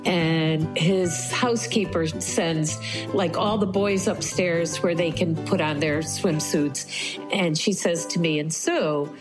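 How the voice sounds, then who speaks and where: A woman's voice: sits low, takes it slowly, music in the background, rough recording. A middle-aged woman telling a personal story to an interviewer, acting out what others said. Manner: animated, acts out quoted voices.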